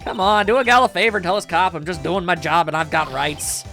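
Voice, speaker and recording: A man voicing a pushy woman reporter in a loud put-on Southern accent. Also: high voice, steady tone, quick pace, soft background music. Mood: defiant. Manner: loud, twangy, defiant.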